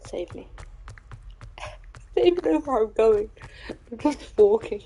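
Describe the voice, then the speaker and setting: A woman's voice: a little high, expressive, slow, warm tone, a little hiss or hum. A woman streaming a game live, chatting and giggling as she talks to herself. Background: faint game music.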